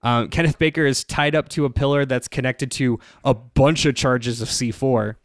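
A man's voice: mid-range voice, steady tone, normal speed, no room sound. A man hosting a podcast, recapping a game's story in loose, rambling casual chat full of fillers and laughs. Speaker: podcast host.

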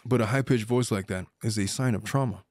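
A man's voice: fairly low pitch, brisk, a little mellow, no echo, studio quality. A middle-aged man co-hosting a podcast, chatting casually and joking, with many restarts. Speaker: podcast co-host. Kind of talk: casual chat.

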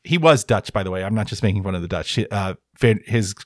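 A man's voice: fairly low pitch, animated, fast talker, no room sound, studio quality. A man co-hosting a sports podcast, chatting in a wry, rambling way and often correcting himself. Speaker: podcast co-host. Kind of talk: casual sports chat.

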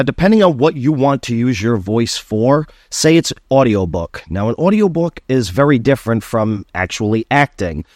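A man hosting a casual solo podcast, talking in an animated, sarcastic ranting way. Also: fairly low pitch, no echo, studio quality. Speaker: podcast host.

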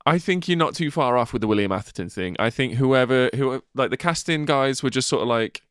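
A man's voice: mid-range voice, lively intonation, a little fast, a bit bright, smooth, dry recording, clean studio sound. A man co-hosting a podcast in casual chat, rambling and swearing as he jokes. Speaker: podcast co-host.

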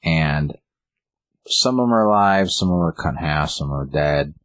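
A man's voice: very deep voice, expressive, moderate pace, a bit bright, no room sound. A man casually recapping a comic book story on a podcast, rambling with lots of fillers and restarts. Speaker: podcast co-host.

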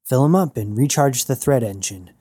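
A man reading an audiobook, voicing a broke, sarcastic woman bounty hunter with a deadpan delivery. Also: medium pitch, moderate pace, breathy edge, dry recording, studio quality.

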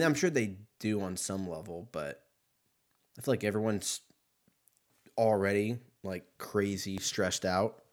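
His low, darkish voice carries a casual solo podcast where he rambles, swears without restraint and laughs at his own humor.

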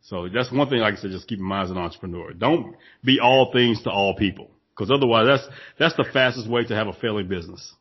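Man, co-host, husky and a little muffled, emphatic, repeats himself for weight. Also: fairly low pitch, fast talker, few pauses. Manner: emphatic, repeats phrases for stress. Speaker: podcast co-host, former gym owner. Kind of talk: casual business chat.

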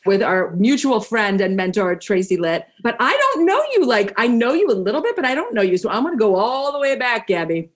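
A woman hosting a podcast, enthusiastic and motivational, reading an intro and then chatting with a guest. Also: mid-range voice. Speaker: podcast host. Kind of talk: upbeat podcast intro and interview.

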